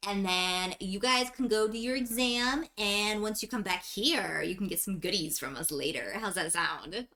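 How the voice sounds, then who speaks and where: A woman's voice: medium pitch, normal speed, bright, forceful tone. A woman voicing a cocky, chatty male dwarf armorer who talks in a breezy, teasing, laid-back way.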